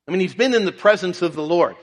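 A man's voice: sits high, expressive, quick pace. A man preaching a sermon, earnestly reading and explaining scripture. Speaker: pastor. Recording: long reverb in a large hall.

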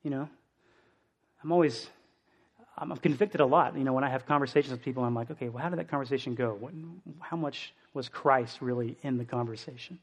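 A man's voice: mid-range voice, brisk, husky. A young adult man preaching a sermon as a pastor, earnest and emotional, asking the listeners questions in a conversational way.

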